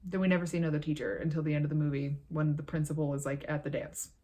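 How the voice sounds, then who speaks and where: A woman's voice: sits low, fairly even intonation, rapid-fire, dark tone. A young woman vlogger recapping a movie in a casual, sarcastic, profanity-laced ramble.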